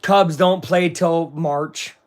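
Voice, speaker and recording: A man hosting a casual live watch-along of a football game, excitable and swinging between hype and grumbling. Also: fairly high pitch, slow. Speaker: live-stream sports watch-along host.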